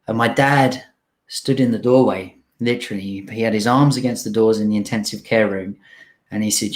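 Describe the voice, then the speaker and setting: A young man, an interview guest, telling a personal story in an emotional, heartfelt way, often halting and restarting. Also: lowish voice, fairly even intonation.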